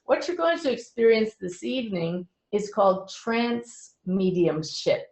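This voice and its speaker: A middle-aged woman who is a medium, speaking earnestly to a webinar audience with gentle humor. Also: medium pitch, lively intonation, measured pace, reverberant, poor audio.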